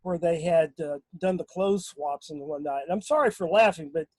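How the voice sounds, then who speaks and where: A man talking casually in a remote group discussion, halting, with many fillers and restarts. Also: a little high, darkish tone, dry recording, low-quality recording. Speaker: guest on a paranormal discussion.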